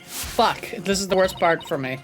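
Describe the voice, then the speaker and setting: A woman streamer giving casual commentary over a game, excitable, swearing and laughing often. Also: lowish voice, moderate pace, soft background music.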